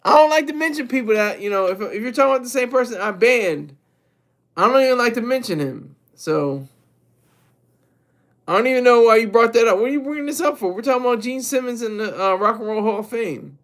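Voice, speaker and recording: A man with a fairly high voice for his sex, talking off the cuff on a live stream. He rambles and circles back, repeating himself and stopping to react to his chat. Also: animated, brisk, fairly bright tone. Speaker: streamer and commentator.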